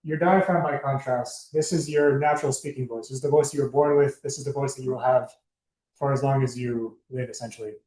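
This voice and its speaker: A man's voice: mid-range voice, steady tone, a little fast, darkish tone. A young man giving a casual, chatty presentation to a student club, loose and full of fillers and asides. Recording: echoey room.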